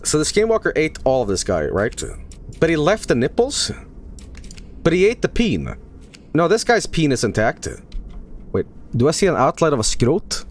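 Excitable swearing male streamer. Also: on the high side, moderate pace, long pauses, a little hiss or hum. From Sweden. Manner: excitable, profane, yells and laughs at the game. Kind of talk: live gameplay commentary.

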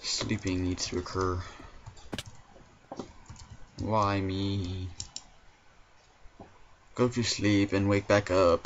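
A man's voice: low-pitched, steady tone, very slow, pauses often, a little hiss or hum. A man doing let's play commentary in an exasperated, whiny, complaining way, heard through a dull lo-fi mic. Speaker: gaming commentator.

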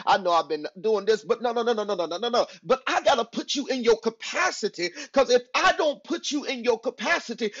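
A man pastor preaching a sermon to an online congregation, emphatic and repetitive, calling out to listeners and swinging from loud bursts to hushed asides. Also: very high-pitched, highs cut off.

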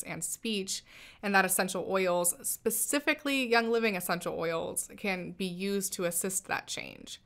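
A woman's voice: fairly low pitch, fairly bright tone. A woman hosting a commentary channel, narrating a scripted critique in a wry, skeptical manner.

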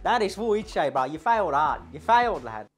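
A woman's voice: low voice, sing-song, fairly quick, breathy edge, faint music behind, full character voice. A woman playing a rowdy male eshay schoolteacher in a comedy sketch, with an Australian accent, brash and slangy, tacking "bruh" and "lad" onto her lines. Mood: cocky.

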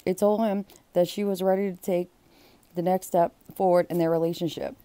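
A woman's voice: fairly low pitch, fairly even intonation, moderate pace, warm tone, dry recording. A woman reading a book aloud and breaking off for blunt, exclaiming comments. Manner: blunt, exclaiming asides between read passages.

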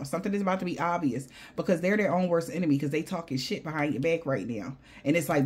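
Woman, tarot reader, lowish voice, blunt, profane, slangy, animated chatter. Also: slight background noise. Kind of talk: casual spiritual tarot reading to viewers.

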